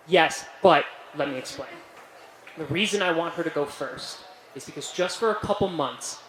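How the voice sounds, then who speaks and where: Young male stand-up, a bit high-voiced, chatty "right?" delivery, roomy club sound. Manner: animated, keeps asking "right?", jokey self-praise. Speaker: stand-up comedian. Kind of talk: stand-up comedy set. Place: comedy club stage with a live audience. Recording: roomy live club sound with faint room noise.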